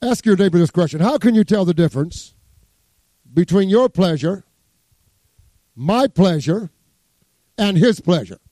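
A man preaching a sermon as pastor, quoting scripture with humor and swinging from soft asides to rising emphasis. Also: sits high, expressive, measured pace, long pauses, no room sound, studio quality.

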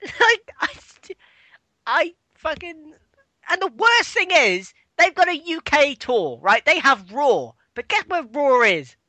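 A woman's voice: high-pitched, very animated, slow, bright, forceful tone, no echo. An English woman chatting casually, ranting with lots of swearing. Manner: sweary, ranting, laughing often. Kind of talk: casual chat.

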